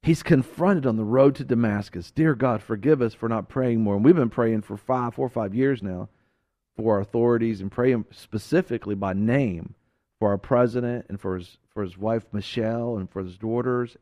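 A man preaching fervently as a talk show host, swinging between emphatic outbursts and hushed, earnest passages. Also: fairly low pitch, moderate pace, no room sound, studio quality.

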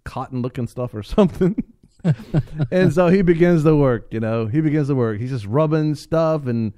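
A man on a talk radio show telling a funny story in a casual, animated way, laughing often and repeating phrases for emphasis. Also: a little high, normal speed, clear, resonant tone, no room sound, studio quality.

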